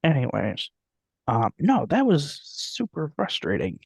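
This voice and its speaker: A man's voice: on the high side, wildly swooping pitch, a little slow, creaky, darkish tone, husky, dry recording. A young man co-hosting a podcast in casual chat, joking and laughing often. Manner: laughs often, jokey, puts on silly voices for quotes. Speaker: podcast co-host.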